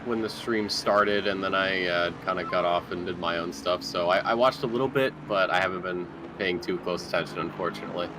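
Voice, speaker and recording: Relaxed low-voiced man guesting on commentary. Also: fairly quick, few pauses, background noise. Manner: relaxed, rambling storyteller. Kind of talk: casual race commentary chat.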